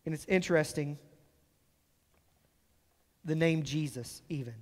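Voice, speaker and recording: A man preaching a sermon as pastor, explaining scripture and slowing down to stress key phrases. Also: on the high side, long reverb tail. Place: church sanctuary.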